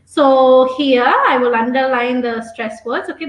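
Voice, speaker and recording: A woman's voice: sits high, a little slow, hardly any pauses, reverberant, rough recording. A woman teaching an online exam-prep webinar, coaching students and checking in with a frequent "okay?".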